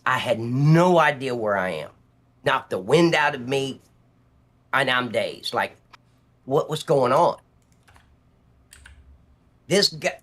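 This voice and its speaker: A police officer speaking as a guest on a live stream, telling a personal story in a vivid, blunt way with some swearing. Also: male voice, mid-range voice, bright, forceful tone.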